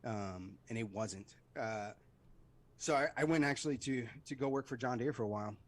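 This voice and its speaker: Speaking at a moderate pace in a mid-range voice, the middle-aged Army veteran spins casual stories as a podcast interview guest. He's animated, performing voices and sound effects as he goes.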